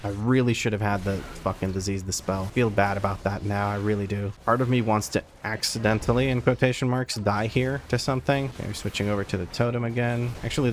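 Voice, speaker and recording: A man with a fairly low voice narrates his own gameplay as it happens. He calls out moves, swears freely and pokes fun at his own mistakes. Faint game noise sits behind him. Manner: rapid play-by-play, swearing, self-deprecating. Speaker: gameplay commentator. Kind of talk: live gameplay commentary.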